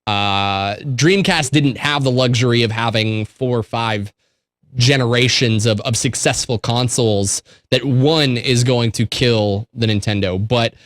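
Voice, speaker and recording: A man co-hosts a late-night call-in show in a mid-range, unhurried voice with no echo. He chats casually and rambles, often repeating words while searching for his point.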